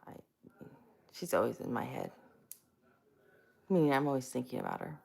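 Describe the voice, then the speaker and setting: Woman host, casual live chat, deep with some fry, lively and giggly, greets viewers by name. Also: normal speed. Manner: self-mocking and giggly.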